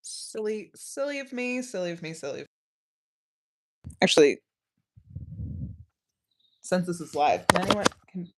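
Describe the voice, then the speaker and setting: A woman's voice: fairly low pitch, sing-song, unhurried, pauses often. Giggly rambling woman streamer. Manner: rambling and giggly, many ums and laughs. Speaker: streamer hosting a live study session. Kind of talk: casual livestream chat.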